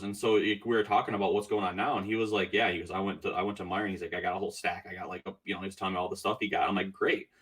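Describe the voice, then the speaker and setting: A man's voice: on the low side, a bit bright, breathy edge, far from the mic. A man telling stories in a casual podcast chat, rambling with many fillers and restarts. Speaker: podcast guest.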